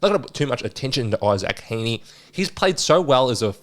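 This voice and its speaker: A man hosting a casual sports betting preview, chatty and excitable, correcting himself with quick asides. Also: mid-range voice. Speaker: sports tipping podcast host.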